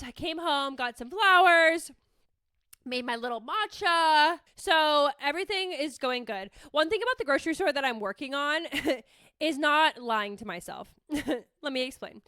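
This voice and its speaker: A woman in her thirties hosting a podcast, telling a story in a playful, profane, animated way. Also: high voice, normal speed, dry recording, clean studio sound. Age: 30s. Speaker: podcast host. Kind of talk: casual solo storytelling.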